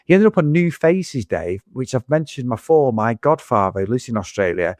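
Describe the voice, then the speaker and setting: A man's voice: mid-range voice, big pitch swings, moderate pace, a little mellow, no room sound, clean studio sound. A man co-hosting a film podcast in casual chat, swearing now and then. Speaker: podcast co-host.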